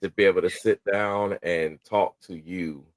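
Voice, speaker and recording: A man's voice: deep voice, steady tone, measured pace, no room sound. A man joining a livestream as a guest, speaking in a friendly, easygoing way in casual chat.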